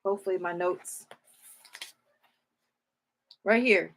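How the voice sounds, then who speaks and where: A woman teaching scripture informally, reading verses slowly, thinking aloud, correcting herself and speaking with emotional emphasis. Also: mid-range voice, a bit bright, a little hiss or hum. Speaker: Bible teacher.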